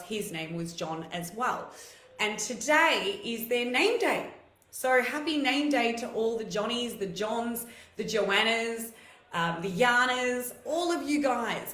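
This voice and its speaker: Chatty woman in an echoey room. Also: medium pitch. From Greece. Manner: chatty, animated storytelling with laughs and many fillers. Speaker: host. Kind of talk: casual live-stream chat.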